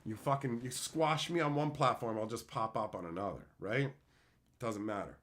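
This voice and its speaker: A man's voice: medium pitch, normal speed. A man streaming live, chatting casually with viewers, swearing freely and laughing often. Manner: profane, animated, laughs often. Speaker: streamer and entertainer. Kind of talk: casual livestream chat with viewers.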